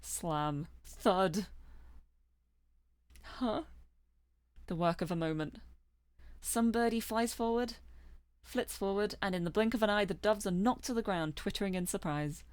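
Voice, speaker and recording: A woman's voice: mid-range voice, normal speed, clean tone, dry recording. A woman streamer reading a visual novel aloud, playful and self-mocking.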